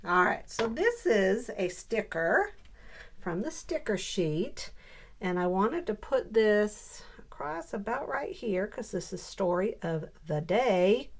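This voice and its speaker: An older woman and grandmother chatting casually through a scrapbooking tutorial. She often mutters softly to herself while she works. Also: medium pitch, sing-song, slow pace. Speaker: scrapbooking crafter and channel host. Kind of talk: casual crafting tutorial chat.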